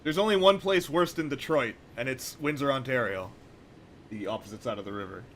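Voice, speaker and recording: A young man narrates a train simulator stream in an easygoing way, straying into profane digressions laced with wry remarks. His pitch is ordinary and mid-range, slightly bright, and brisk, with a little hiss or hum in the audio.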